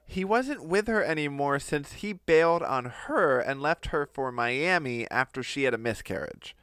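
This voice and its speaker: A man's voice: on the high side, lively intonation, normal speed, fairly bright tone, clear, resonant tone, no echo. A male podcast co-host casually telling a story, often laughing as he talks.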